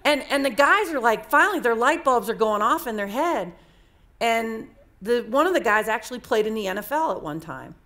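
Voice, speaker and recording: Her voice is fairly high, expressive and pushed and bright, moving at a normal speed. A coaching speaker, she shares personal stories with an audience candidly and conversationally, frequently saying things more than once.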